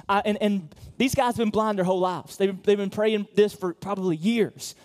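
A man in the pulpit delivering a sermon with a voice pitched a little above the usual male range. His talk is loose and conversational, full of fillers and restarts. He shifts from loud emphatic bursts to quiet, close asides. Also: steady tone, normal speed, few pauses. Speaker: pastor. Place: church auditorium.

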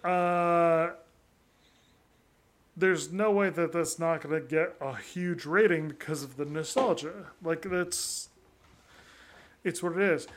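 Man with a high voice for a casual podcast co-host: laid-back, slow, laughs a lot, swears freely. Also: slight background noise. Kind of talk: casual chat.

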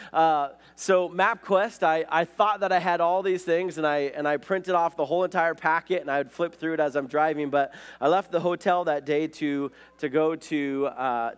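A man from Montana, preaching a conversational sermon and telling stories in a casual way, often saying "like" and "right?". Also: fairly high pitch. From Montana, USA. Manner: casual storytelling, frequent "like" and "right?". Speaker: pastor.

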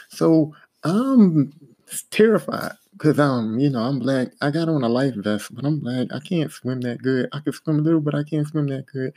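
A man casually telling a profane, animated story about a job that went wrong. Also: medium pitch, breathy edge. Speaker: podcast host telling work stories. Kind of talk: casual spoken anecdote.

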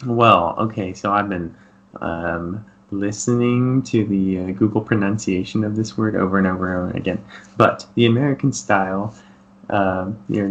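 A man's voice: fairly low pitch, slight background noise. A man from Texas co-hosting a casual beer podcast, chatty and self-deprecating, with lots of ums. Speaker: podcast co-host. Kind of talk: casual chat.

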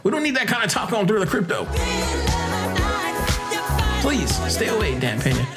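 A man hosting a casual crypto podcast, hyped and joking, laughing often and jumping into high exclamations. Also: wildly swooping pitch, normal speed, over loud music. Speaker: podcast host.

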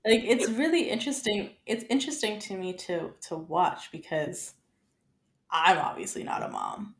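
A young woman co-hosting a podcast in casual chat, animated and swearing freely as she acts out quotes. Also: medium pitch, moderate pace, echoey room, a little hiss or hum. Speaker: podcast co-host.

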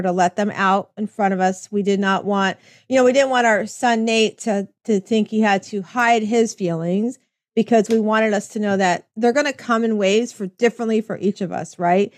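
A woman's voice: mid-range voice, steady tone, normal speed, no echo. Chatty middle-aged woman, dry close sound. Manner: chatty, rambling, acts out quoted exchanges. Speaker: host. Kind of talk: casual chat.

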